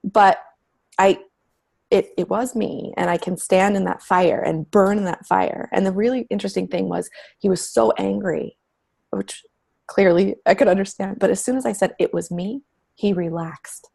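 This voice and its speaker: A woman's voice: mid-range voice, normal speed, creaky, darkish tone. A middle-aged woman speaking candidly as an interview guest, telling stories with emphatic, frank language. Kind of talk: conversational interview.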